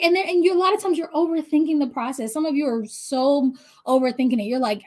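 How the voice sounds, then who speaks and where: A woman's voice: sits high, fast talker, a little mellow. A woman giving casual motivational business coaching, chatty and talking straight to her listeners. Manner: chatty, addresses listeners directly, frequent "right?".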